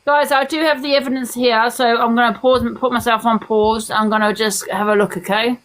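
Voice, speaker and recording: A woman hosting a live stream, calmly relaying accusations and probing the guest. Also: on the high side, fairly quick, poor audio.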